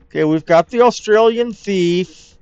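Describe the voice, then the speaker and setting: A man's voice: high voice, a little slow, a little mellow, clear, resonant tone, dry recording. Wry man chatting over game play. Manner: chatty, wry, rambling asides. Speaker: let's play host. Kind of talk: casual gameplay commentary. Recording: dull lo-fi mic with game music.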